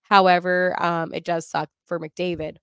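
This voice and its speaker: Chatty, smooth-voiced woman podcaster. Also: on the low side, little pitch movement, measured pace, no room sound, studio quality. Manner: chatty and opinionated, laughs often. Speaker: podcast host. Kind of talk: casual sports podcast talk.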